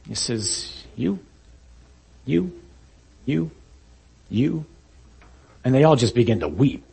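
A man preaching a sermon, retelling a story vividly and acting out shouted lines. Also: medium pitch, husky.

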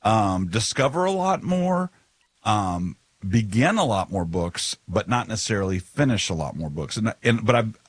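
A man co-hosting a podcast in casual chat, animated and eager, often restarting his sentences. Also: lowish voice, moderate pace, husky, no echo. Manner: animated, eager, stumbles over words. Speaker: podcast co-host.

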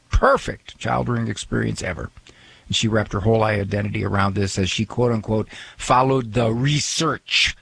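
A man's voice: medium pitch, gravelly, breathy edge. A man hosting a call-in advice radio show, talking earnestly and conversationally as he recounts callers and gives counsel. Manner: earnest, conversational, quotes callers in his own voice.

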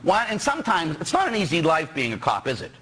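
Lively, bright-voiced male priest preaching. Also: fairly high pitch, quick pace, slightly rough. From Pittsburgh, USA. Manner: animated, joking, quizzing the congregation. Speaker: parish priest. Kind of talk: sermon.

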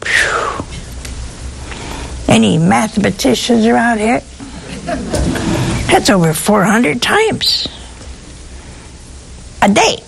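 A fairly high-pitched woman delivers a sermon at an unhurried pace. Her voice has a gravelly texture, and her pitch leaps about expressively. She mixes humor into the teaching and keeps asking her listeners questions. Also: a little hiss or hum, rough recording. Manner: animated, humorous storytelling with rhetorical questions. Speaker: preacher.

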